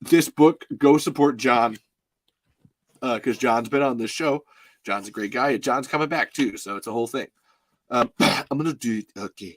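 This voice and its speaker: A man co-hosts a podcast, chatting casually and rambling in a self-deprecating way. His mid-range voice moves at a moderate pace, and there is no room sound.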